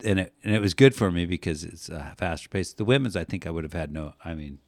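A man co-hosting a casual sports podcast, telling rambling, profane stories that get animated. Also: low voice, fast talker, no echo. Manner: rambling storyteller, swears, animated when recounting yelling. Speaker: podcast co-host.

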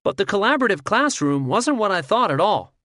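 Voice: medium pitch, sing-song, a little fast, fairly bright tone, no echo, studio quality. A reader voicing a schoolboy who talks in a grudging, offhand way in his diary. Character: sullen schoolboy diarist. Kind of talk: audiobook reading.

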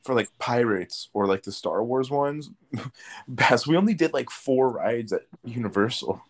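A man's voice: mid-range voice, a little slow. A young man hosting a podcast, telling stories in casual chat and laughing often. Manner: animated storytelling, laughs often. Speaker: podcast host.

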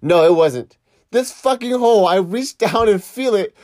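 A man's voice: high voice, expressive, moderate pace, a little mellow, no room sound, studio quality. A man telling a story casually, swearing and laughing as he reflects on a mishap while surfing. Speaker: surf vlogger.

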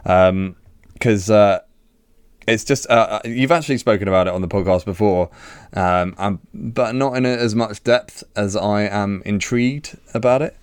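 A man's voice: on the low side, normal speed, smooth, dry recording, clean studio sound. A man on a podcast asking questions in a casual, hesitant way, full of ums and restarts. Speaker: podcast co-host.

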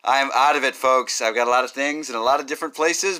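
A man's voice: medium pitch, fast talker, pushed and bright. A man hosting a podcast in a rambling, joking chat, swearing freely. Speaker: podcast host. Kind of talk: casual chat.

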